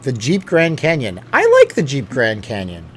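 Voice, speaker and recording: A man's voice: mid-range voice, big pitch swings, normal speed, a bit bright, slight background noise. A man hosting a casual live stream, reading out viewer comments and rambling, with lots of fillers and restarts. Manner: chatty and rambling, with many fillers and self-corrections.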